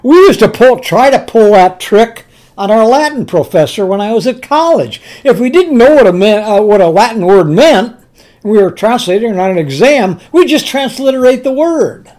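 A man preaching a sermon, telling scripture stories slowly and emphatically, often repeating his words. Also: sits high, animated, darkish tone. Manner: earnest storytelling, slow and emphatic, with repeated words.

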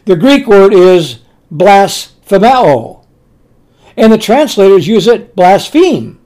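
A man preaching a sermon, telling scripture stories slowly and emphatically, often repeating his words. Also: sits high, sing-song, dark tone. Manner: earnest storytelling, slow and emphatic, with repeated words.

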